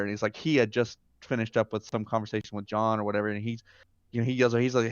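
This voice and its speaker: A man's voice: on the low side, flat delivery, fast talker, smooth, no echo, dull audio. Rambling man telling a story. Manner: rambling, lots of fillers and restarts. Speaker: guest. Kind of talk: casual storytelling.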